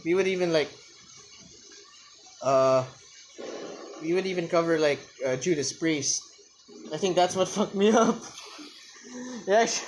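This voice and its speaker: A man's voice: on the high side, a little hiss or hum, rough recording. A young man with a strained throat chatting casually, rambling, swearing and laughing a lot. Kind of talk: casual chat.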